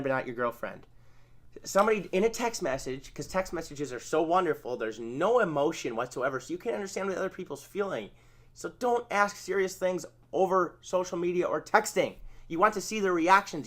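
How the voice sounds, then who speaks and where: A man with a slightly high, fairly bright voice teaches therapy skills on his channel in an informal, conversational lesson. He acts out sample phrases and self-corrects along the way.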